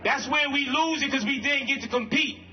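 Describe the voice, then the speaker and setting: A man from Brooklyn giving a protest rally speech, shouting call-and-response lines in street slang. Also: very high voice, brisk. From Brooklyn, New York. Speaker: rally speaker, violence-prevention worker. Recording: lo-fi livestream with crowd. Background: faint crowd.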